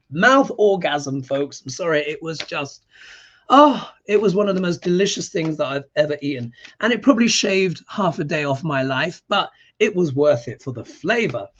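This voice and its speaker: Male astrology stream host with a higher-pitched voice: casual, emphatic, animated, with frequent throat clearing. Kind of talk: casual live-stream chat.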